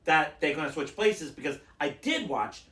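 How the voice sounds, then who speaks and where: A man's voice: fairly high pitch, expressive, normal speed, a bit bright, reverberant. A man co-hosting a podcast, telling stories in casual chat and acting out the lines of the people in them. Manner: rambling storyteller, acts out quotes. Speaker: podcast co-host.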